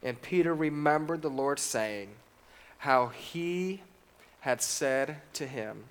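A man's voice: medium pitch, lively intonation, takes it slowly, smooth. A man preaching a sermon, reading scripture aloud and putting questions to the congregation.

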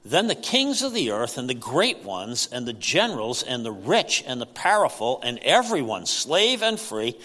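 A man's voice: medium pitch, sing-song, normal speed, few pauses, bright, forceful tone. A man preaching a sermon in a conversational way, with frequent fillers and emphatic rises. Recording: long hall reverb.

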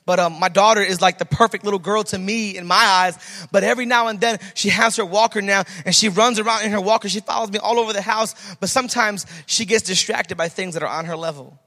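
This sermon comes from a fast-talking male pastor whose voice is notably high and sharp in tone. He relies heavily on repetition to press each point, and his words ring through the church with a long reverb tail.

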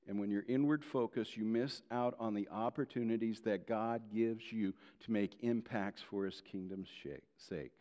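A pastor giving a sermon and telling a story about himself. He is animated, moving between loud emphasis and quiet asides. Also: lowish voice, moderate pace, few pauses. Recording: long reverb of a large hall.

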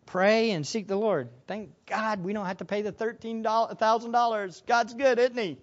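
A man preaching a sermon as pastor, animated, acting out the disciples' voices with sudden loud bursts. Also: sits high, normal speed, lo-fi sound.

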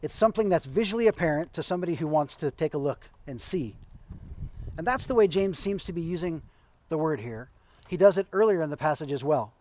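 A man's voice: a little high, expressive, brisk, a little mellow, poor audio. A man preaching a sermon as a pastor, explaining scripture in a conversational way with occasional light humor.

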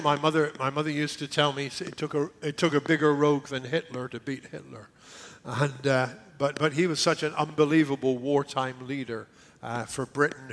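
Earnest man preaching, hushed repetitions. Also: mid-range voice. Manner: earnest, repeats key words, often drops to a hushed near-whisper. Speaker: pastor. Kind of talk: sermon.

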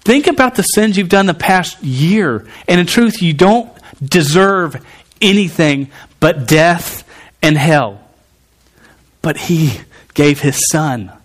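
A man preaches a sermon in a slightly higher-than-average voice. He talks to the room conversationally, with animated bursts and stumbling restarts. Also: takes it slowly.

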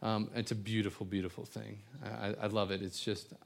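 A man's voice: fairly low pitch, little pitch movement, brisk, gravelly. A man preaching an evening sermon, telling stories earnestly with frequent stammered restarts and repeated words. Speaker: pastor.

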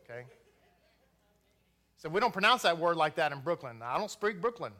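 A man's voice: on the high side, big pitch swings, normal speed, bright, forceful tone. A man from Texas preaching a sermon, conversational, with asides and restarts.

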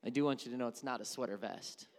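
Middle-aged male pastor, animated sermon delivery, acts out voices, swings loud to hushed, gravelly tone. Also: medium pitch, quick pace. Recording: reverberant hall.

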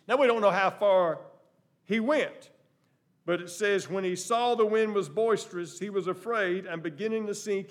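A man preaches a sermon in a fairly high voice that leaps and dips with lively inflection. He pushes hard on key lines, then drops almost to a murmur. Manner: animated preaching, swinging from loud emphasis to soft asides. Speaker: pastor.

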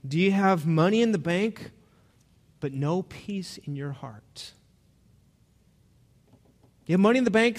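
A man's voice: high voice, lively intonation, measured pace, long pauses, long reverb tail. A man preaching a sermon to a congregation, talking in a conversational way and asking them questions. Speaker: pastor.

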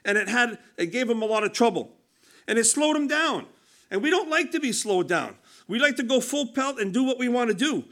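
A man's voice: extremely high pitch, lively intonation, a little fast, fairly bright tone. A man preaching a conversational sermon, earnest and emphatic, often restarting his sentences.

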